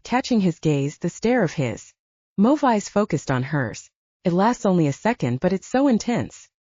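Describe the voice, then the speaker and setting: A woman narrating a fantasy novel audiobook with an expressive, varied reading. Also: mid-range voice, husky, no room sound, dull audio. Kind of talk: scripted narration.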